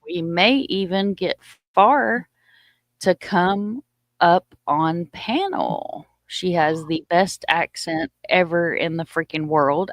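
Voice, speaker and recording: Lower-voiced lady rambling on her live stream, a bit winded, dry close mic. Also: no room sound. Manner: chatty and informal, talking to viewers. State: a little short of breath. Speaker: livestream host. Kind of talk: casual livestream chat.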